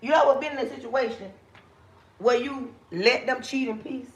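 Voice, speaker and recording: A woman hosting a casual livestream from her kitchen, talking to viewers in an animated, preachy way. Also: sits high, moderate pace. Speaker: livestream host. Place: home kitchen.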